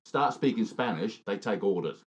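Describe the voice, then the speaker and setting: A man's voice: on the low side, lively intonation, normal speed, slightly rough. A man with an Australian accent, co-hosting a podcast with playful, mock-serious banter. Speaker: podcast co-host. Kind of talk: casual banter.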